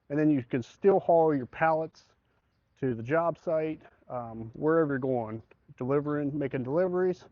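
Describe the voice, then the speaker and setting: A man's voice: fairly high pitch, no echo. A man giving a casual, conversational product walkthrough as a salesman, explaining specifications plainly. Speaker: truck bed salesman. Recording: slightly dull, dry recording.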